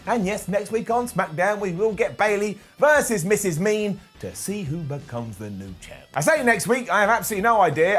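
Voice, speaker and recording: Male host, high and animated, sarcastic comedic wrestling reviewer. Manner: jokey, sarcastic asides, quick voices for quotes.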